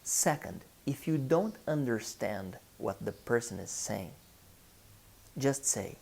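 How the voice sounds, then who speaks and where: A Brazilian man, a native Portuguese speaker, teaching an online English lesson with a Brazilian Portuguese accent, speaking deliberately and repeating key phrases. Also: medium pitch, animated, creaky, a little mellow, breathy edge.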